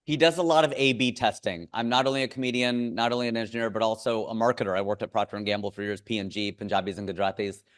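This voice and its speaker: A man, a comedian, chatting as an interview guest, quick and joking, riffing with asides. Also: lowish voice, fairly even intonation. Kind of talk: casual interview chat. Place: California.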